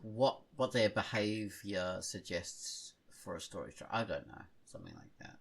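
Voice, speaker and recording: A man's voice: low-pitched, big pitch swings, moderate pace, vocal fry, a bit bright. A man hosting a casual podcast, playful and joking as he introduces segments. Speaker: podcast host. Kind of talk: casual chat.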